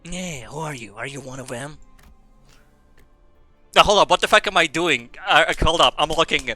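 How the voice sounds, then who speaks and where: A man's voice: a little high, normal speed, bright, forceful tone, faint music behind. A young man streaming a game, reading its dialogue aloud with stumbles and silly asides.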